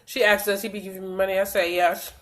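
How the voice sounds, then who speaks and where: A young woman telling a blunt, profane storytime vlog with lots of animated retelling of dialogue, a little stuffy from allergies. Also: mid-range voice, fast, slight background noise. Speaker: vlogger.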